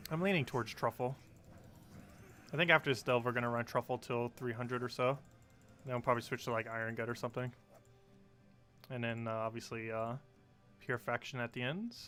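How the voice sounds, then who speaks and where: A man in his twenties from New Jersey, talking fast and casually as he streams a game. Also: mid-range voice, fairly even intonation, bright, forceful tone, faint music behind. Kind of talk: casual live-stream commentary.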